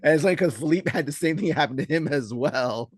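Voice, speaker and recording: A man co-hosting a casual podcast as a judo coach, telling stories in an animated way and acting out what others said. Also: a little high, brisk, no echo, studio quality. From Southern California. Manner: animated storyteller, acts out quotes loudly.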